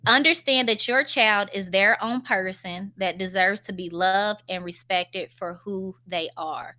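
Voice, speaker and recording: A woman's voice: medium pitch, measured pace, sharp tone. A woman in her thirties hosting a parenting talk, speaking in an earnest, conversational way with many "you know"s and "um"s. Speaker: parenting channel host. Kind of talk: casual advice monologue.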